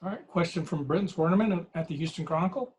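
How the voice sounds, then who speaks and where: Brisk moderator, slightly high male voice. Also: darkish tone, rough recording. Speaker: press conference moderator. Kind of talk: brief announcements.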